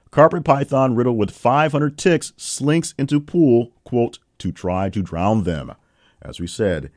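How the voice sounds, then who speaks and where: In a dry, clean studio recording, a male news show host runs through the week's headlines and quotes. He keeps it casual, with wry asides and lively swings in pitch.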